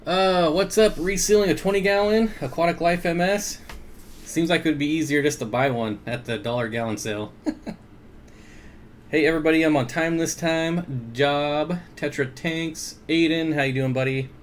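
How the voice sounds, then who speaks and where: A man's voice: on the high side, moderate pace, slight background noise. A man hosting an aquarium livestream in easygoing, casual chat. He reads viewer comments aloud, greets people by name and chuckles often.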